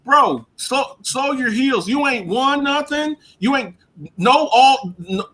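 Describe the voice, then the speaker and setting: A man's voice: extremely high pitch, expressive, slow pace, fairly bright tone. A man co-hosting a radio show, talking sports in a casual, emphatic way, often repeating himself and laughing.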